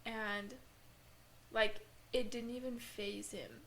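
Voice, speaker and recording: Earnest woman, halting storytelling. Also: fairly high pitch, steady tone, fairly bright tone, slight background noise. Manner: earnest, halting, many fillers. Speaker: podcast guest. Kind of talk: emotional personal storytelling.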